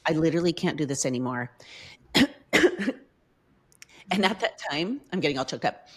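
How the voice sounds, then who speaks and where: A woman's voice: sits low, lively intonation, moderate pace, pauses often. A middle-aged woman as a podcast guest, telling a personal story in casual chat with heartfelt emotion.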